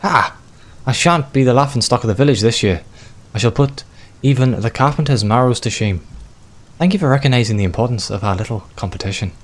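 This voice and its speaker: A man's voice: medium pitch, fairly quick, lightly acted. A man putting on a gushing Irish vicar. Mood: effusive thanks. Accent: put-on Irish, poorly done. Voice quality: effusive, old-fashioned phrasing. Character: gushing, excessively grateful male village vicar.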